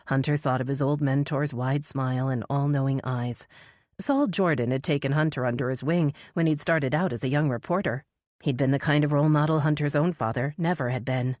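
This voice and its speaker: A woman narrating an audiobook in a measured, steady way. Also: extremely low pitch, no echo, studio quality. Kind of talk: scripted narration.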